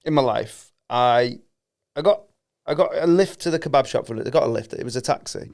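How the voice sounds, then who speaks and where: A man's voice: medium pitch, brisk, creaky, a little mellow. A man with a Chester English accent, a comedian co-hosting a podcast, telling jokey stories in casual banter and laughing often. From England.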